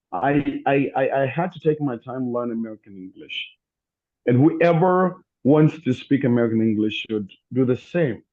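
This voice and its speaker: Insistent man on a tinny call line. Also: medium pitch. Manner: insistent, repeats questions. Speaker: debate guest. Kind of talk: online debate.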